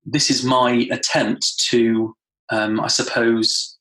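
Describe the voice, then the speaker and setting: A man, a guest trainer in a podcast interview, telling stories animatedly and acting out quotes. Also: takes it slowly. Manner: animated storytelling, acts out quotes with rising pitch. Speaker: guest, time management trainer. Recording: roomy echo.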